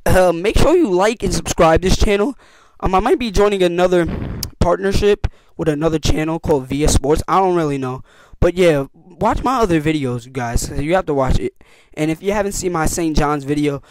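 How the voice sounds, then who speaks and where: A teenage boy telling camp stories in a casual vlog, slangy and animated, acting out what people said with big jumps in his voice. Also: a little high, brisk. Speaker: youtuber.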